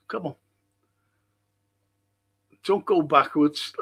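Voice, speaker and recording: A man's voice: a little high, measured pace, gravelly, a bit bright. An older man hosting a live podcast, reacting bluntly to a football match, swearing and urging the players on while reading out chat messages.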